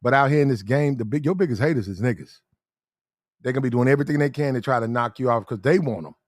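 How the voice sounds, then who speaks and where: A man giving blunt, slang-heavy dating advice in casual talk, drawing out his words slowly when he lists details. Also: mid-range voice, no echo, studio quality.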